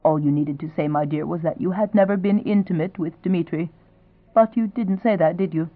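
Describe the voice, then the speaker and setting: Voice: mid-range voice, a little fast, no echo, natural voice. A reader voicing a gracious elderly duchess. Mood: genteel. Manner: genteel, pleasantly insistent. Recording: dry, thin phone-like sound.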